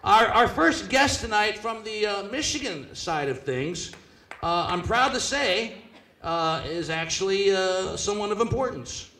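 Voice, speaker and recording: A man emceeing a live event, telling a comic story with loud animated bursts and hushed deadpan asides. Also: high voice, unhurried, slight background noise. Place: banquet hall at a club event. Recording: echoey hall, distant mic.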